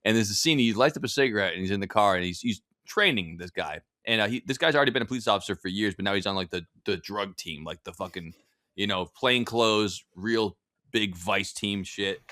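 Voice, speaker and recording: A man co-hosting a casual podcast chat, retelling film scenes with lots of energy and breaking into laughter. His voice is bright and forceful, recorded close and dry with no room sound. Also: lowish voice, fairly quick, no room sound. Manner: animated storyteller, acts out movie lines, laughs often, swears. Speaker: podcast co-host.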